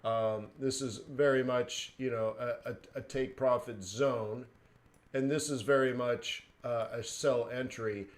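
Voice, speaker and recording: A man hosts a live trading stream, chatting casually with lots of fillers and chuckled asides. His mid-range voice has fairly even intonation and a measured pace.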